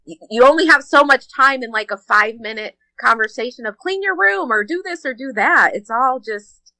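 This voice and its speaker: Bright earnest woman, dry close sound. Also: high voice, expressive, moderate pace, dry recording, poor audio. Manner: earnest and open, filler-heavy. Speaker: podcast guest. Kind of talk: casual conversation.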